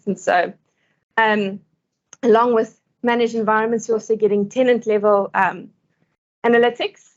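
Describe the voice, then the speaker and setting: A woman's voice: medium pitch, lo-fi sound. A woman giving a conference talk and answering questions, speaking conversationally and laughing often between points.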